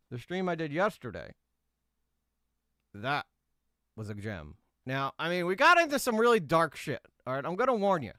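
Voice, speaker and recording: A man's voice: a little high, fairly bright tone, dry recording, clean studio sound. A man doing a comedic impression of a cocky, boastful male drama-news YouTuber who rambles and keeps asking "all right?".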